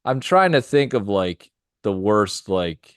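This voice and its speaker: A man's voice: lowish voice, big pitch swings, slow, clean tone, no echo, clean studio sound. A young man co-hosting a podcast in casual chat, rambling with lots of fillers. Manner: rambling, filler-heavy, laughs easily. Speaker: podcast co-host.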